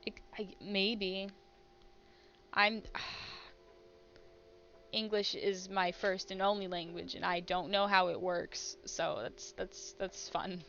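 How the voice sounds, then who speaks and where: A woman's voice: medium pitch, flat delivery, slow, a bit bright, soft background music. A young American woman streaming a game, chatting casually, laughing often and jumping between topics. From United States. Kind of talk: casual game-playing commentary. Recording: slightly muffled stream mic.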